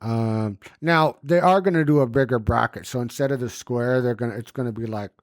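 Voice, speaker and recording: Fairly quick and mid-range, this man's voice comes through clean studio sound with no echo. Co-hosting a podcast, he keeps the chat casual and comedic, swearing plenty and acting out quoted voices as he tells his stories with animation.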